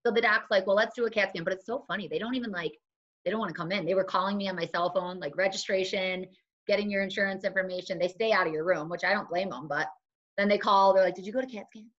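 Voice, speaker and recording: A woman's voice: mid-range voice, fast talker. Woman telling a story on a dull recording. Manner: animated, acts out other people's lines. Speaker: guest telling her story. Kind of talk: casual conversational storytelling.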